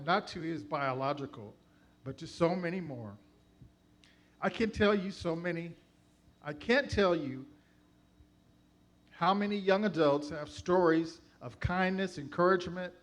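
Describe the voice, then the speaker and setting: A man giving a spoken church testimony, measured and heartfelt, speaking slowly and deliberately. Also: a little high. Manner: slow, heartfelt, measured delivery.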